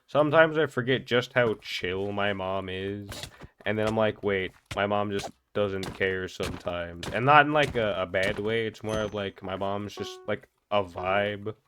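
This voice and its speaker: Rambling young man, low voice. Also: a little slow, noisy background. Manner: rambling, stumbling over words. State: energetic after a sleepless night. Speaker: gaming vlogger. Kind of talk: casual commentary over gameplay.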